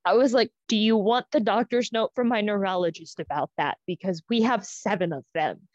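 A woman's voice: mid-range voice, moderate pace, no echo. Exasperated storytelling woman, dull dry sound. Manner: animated, exasperated, swears freely. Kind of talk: casual storytelling chat.

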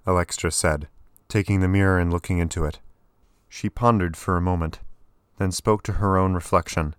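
A man reading scripted story narration in a steady, even way. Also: sits low, normal speed, smooth, no room sound, studio quality. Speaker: audiobook narrator.

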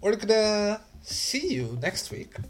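Game master, man, unhurried, slightly high voice, easygoing with many fillers. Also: very animated, faint music behind. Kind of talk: narrating a tabletop game stream.

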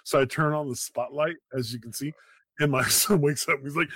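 A man who is a father hosts a casual livestream chat, talking in an animated, self-deprecating way. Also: fairly high pitch, fairly quick, no echo. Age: young adult to middle-aged, a father. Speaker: host.

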